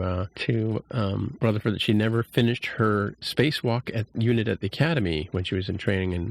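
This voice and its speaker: Low gravelly guy podcasting, lots of uhs and restarts, feeling a bit sick. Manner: rambling, many fillers and restarts. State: under the weather. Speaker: podcast host recapping an episode. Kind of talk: casual chat.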